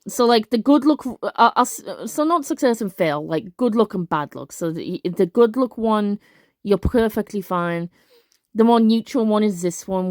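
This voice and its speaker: A young woman commentating a game in a lively, up-and-down voice, chatty and full of restarts and fillers. The recording is dry and close, with faint game music behind her. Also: medium pitch, dry recording. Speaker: let's play gamer. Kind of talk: casual game commentary and reading aloud.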